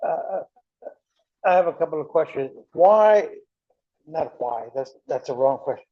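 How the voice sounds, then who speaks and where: A man's voice: a little high, expressive, unhurried, husky, muffled recording. A man in a Bible class asking the teacher questions, hesitant and searching for his wording. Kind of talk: question from the floor.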